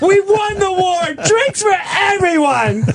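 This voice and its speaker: A frail, delirious old woman in her eighties, as a man puts her on in a comedy story. She cries out in a shrill, sky-high voice and sounds lost in her own world. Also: very animated, a little slow, over a noisy crowd, full character voice. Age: 80s. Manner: shouting, high-pitched, delirious. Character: confused elderly woman, wildly excited.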